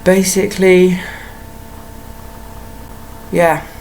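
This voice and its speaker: Low-voiced woman ranting. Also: little pitch movement, extremely slow, creaky, darkish tone, a little hiss or hum. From United Kingdom. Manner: heated, profane, repetitive, rhetorical questions. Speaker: vlogger. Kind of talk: ranting monologue to camera.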